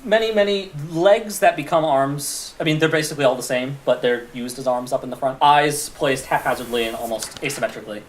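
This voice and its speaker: A man at mid pitch runs a tabletop game in a relaxed, offhand way. He fills gaps with fillers as he points out spots on a map, and a faint hiss sits under his voice. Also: fairly quick, few pauses. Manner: casual, thinks aloud with fillers while pointing at a map. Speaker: game master.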